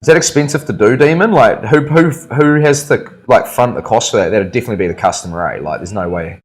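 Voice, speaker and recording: A man's voice: mid-range voice, expressive, fairly quick. A man, a tattoo artist chatting casually on a live stream, laid-back and joking, swearing freely. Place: tattoo studio.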